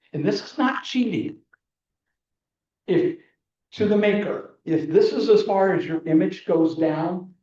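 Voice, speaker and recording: Man, photo competition judge, mellow voice, enthusiastic, muffled far-off video call audio. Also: high-pitched, heavy reverb. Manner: enthusiastic, explanatory, with frequent restarts.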